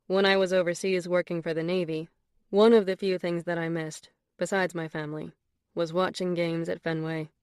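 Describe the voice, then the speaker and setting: Woman voicing a calm, flirtatious rich man. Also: fairly low pitch, moderate pace, smooth, no room sound, studio quality, natural voice. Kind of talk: audiobook character voice.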